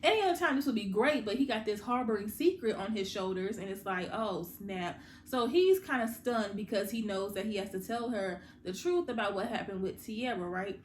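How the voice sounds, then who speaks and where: A woman hosting a casual TV recap, chatting directly to her viewers and quickly paraphrasing what the characters said. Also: medium pitch, animated. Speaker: TV recap host. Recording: roomy echo with faint background hum.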